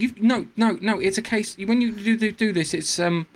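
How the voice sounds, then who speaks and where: A man's voice: high-pitched, moderate pace. A man co-hosting a podcast, ranting in casual chat with stammered restarts. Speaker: podcast co-host. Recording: faint background noise.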